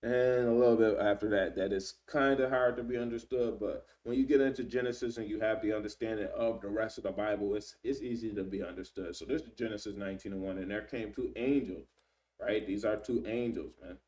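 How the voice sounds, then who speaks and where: A man reading scripture aloud and explaining it in relaxed everyday slang, often checking in with "right?". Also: on the low side, fairly quick, recorded from a distance. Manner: reads scripture then paraphrases in slang, frequent "right?". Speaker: Bible teacher. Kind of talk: casual Bible study reading and commentary.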